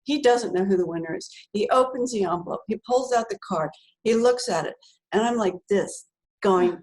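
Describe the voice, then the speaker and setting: A woman's voice: medium pitch, brisk, darkish tone, rough recording. An older woman, a guest author, telling a story in a chatty way, laughing often and using many fillers. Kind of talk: animated storytelling.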